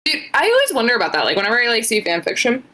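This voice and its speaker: A woman's voice: fairly high pitch, huge pitch swings, very fast, pushed and bright. A tipsy woman co-hosting a podcast, chatting casually and rambling with lots of "like". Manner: rambling, uses "like" a lot. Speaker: podcast co-host. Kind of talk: casual chat.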